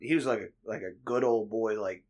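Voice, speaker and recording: A man's voice: on the low side, brisk, a little mellow. A man hosting a podcast, chatting casually with rambling, profane storytelling. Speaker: podcast host. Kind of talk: casual chat.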